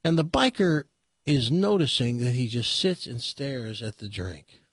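A man's voice: mid-range voice, sing-song, measured pace, breathy edge, dry recording. A man hosting a radio talk show, chatting wryly and telling jokes in the studio. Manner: wry, storytelling.

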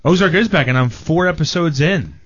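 A man's voice: a little high, expressive, a little fast, fairly bright tone, dry recording, lo-fi sound. A man reviewing films and TV on a radio show in an enthusiastic, well-informed way. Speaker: film and TV reviewer. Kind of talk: casual chat on a radio show.

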